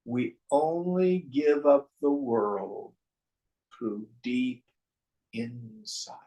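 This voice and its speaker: Slow gravelly-voiced male spiritual teacher. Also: medium pitch, animated, mellow, rough recording. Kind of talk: slow scripture commentary talk.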